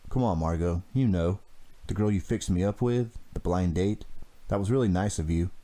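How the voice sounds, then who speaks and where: A man's voice: sits low, moderate pace, dark tone, natural voice. A man voicing an earnest, somewhat hesitant teenage boy.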